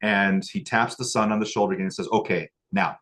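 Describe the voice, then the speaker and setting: This acupuncture instructor has a fairly low, fairly bright voice with mostly even intonation. Mid-class, he recounts a moving episode from his training, growing emotional and choked up, pausing with fillers and restarting, then goes back to needling technique.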